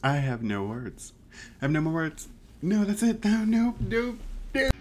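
A host reacting to a music video, excitable and gushing, often laughing and squealing. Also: mid-range voice, measured pace. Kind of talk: casual reaction commentary. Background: music video playing.

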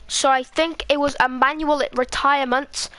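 A woman with a Scottish accent giving live race commentary in a halting, rambling way, full of fillers. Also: high-pitched, steady tone, sharp tone, no echo. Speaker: sim racing commentator.

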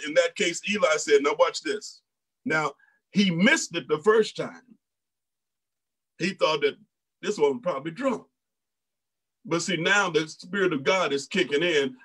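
A man preaches a sermon in a high, ringing voice. He repeats himself for emphasis, drops in exclamations, and acts out the people he quotes. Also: fairly bright tone, low-quality recording. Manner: preaching in a folksy Black church style, with repeats and exclamations. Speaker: pastor.

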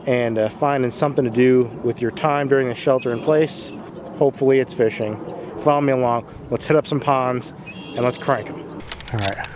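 In a medium-pitched voice with a touch of hiss or hum, a young man talks casually to his camera mic while fishing a pond in the rain for his channel. He stays upbeat throughout and gets excited whenever he hooks a fish.

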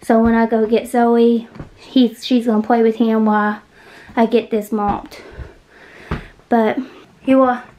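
A woman's voice: fairly high pitch, completely flat delivery, measured pace, pauses often, dark tone, a little hiss or hum, rough recording. A woman vlogging as she cleans her home entryway, out of breath, talking to viewers in a chatty, rambling way. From Kentucky. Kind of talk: casual cleaning vlog talk.

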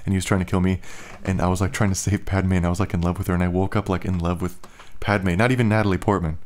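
A young man, a musician and vlogger, rambles casually in a vlog, his low voice holding a level tone at a fast clip. His speech is slightly slurred and loose, packed with filler "like"s.

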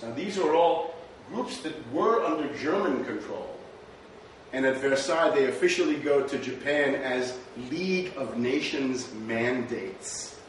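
Man lecturing in a very echoey room. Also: mid-range voice. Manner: rhetorical, frequent "right?" asides. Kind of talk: history lecture. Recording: very echoey room, distant mic, faint noise.

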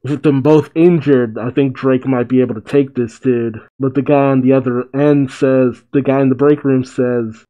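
A young man with a mellow, middle-pitched voice reads through a comic chapter and reacts in a loose, chatty way. He laughs often and drops into light character voices as he goes. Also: steady tone, moderate pace, few pauses, lo-fi sound. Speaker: manga reaction host.

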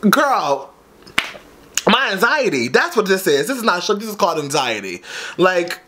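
High-voiced, dramatic, sassy man. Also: very animated, normal speed. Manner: dramatic, sassy and loud, full of slang. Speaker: YouTube reaction host. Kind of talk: music video reaction. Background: faint music from the video.

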